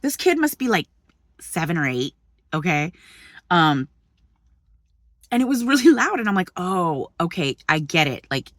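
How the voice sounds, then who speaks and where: A young woman vlogger casually retelling an argument from the passenger seat of a parked truck, animated and indignant, swearing freely. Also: fairly low pitch, no room sound, clean studio sound. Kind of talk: casual storytelling vlog.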